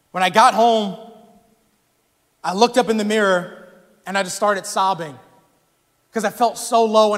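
Young guy preaching in church, high voice, casual storytelling, gets loud, big echoey hall. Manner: casual, animated storytelling, rising to shouts. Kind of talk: sermon. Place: church sanctuary. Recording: long hall reverb.

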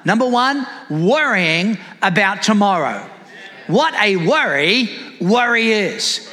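A man's voice: high-pitched, very animated, takes it slowly, pushed and bright, in a large hall. A man preaching a sermon as a pastor, calling out to the congregation with rising fervor.

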